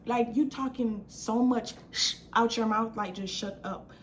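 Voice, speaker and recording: A young adult woman vlogger telling a storytime in a casual, slangy, animated way, acting out what people said. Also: fairly high pitch, unhurried, slight background noise. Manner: animated, slangy, acts out quotes.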